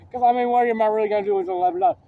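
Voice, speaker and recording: High-pitched male vlogger; rambling, swearing, heated storyteller. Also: phone-quality sound. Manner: profane, rambling, gets worked up. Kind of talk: rambling story rant vlog.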